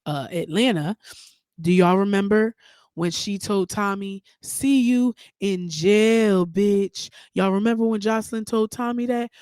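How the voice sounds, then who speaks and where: Woman, podcast host, outspoken and animated, middle pitch, dry close recording. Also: dry recording. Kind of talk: casual commentary.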